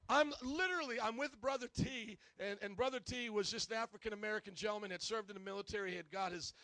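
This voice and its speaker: Male pastor, sermon, lively storyteller, gravelly tone. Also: high-pitched, quick pace, no echo. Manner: storytelling, animated, acts out quotes.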